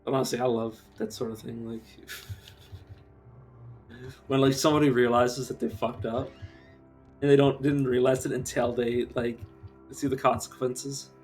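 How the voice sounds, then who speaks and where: A man's voice: mid-range voice, little pitch movement, moderate pace, pauses often, a little mellow, soft background music. A man streaming a game live, ranting casually with lots of swearing and filler words. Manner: rambling rant, swears, many fillers. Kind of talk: casual live-stream commentary while gaming.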